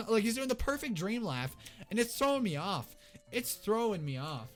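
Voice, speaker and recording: A young man telling a rambling, excitable story to his viewers in a casual storytime vlog. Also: sits high, fairly quick, over music. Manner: excitable, rambling, restarts often. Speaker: YouTuber.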